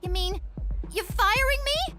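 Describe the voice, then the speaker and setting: A woman's voice: animated, unhurried, loud music behind the voice. A woman voicing a spoiled, whiny teenage daughter in a cartoon. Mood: bratty. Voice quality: high, bratty and whiny. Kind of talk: cartoon voice acting.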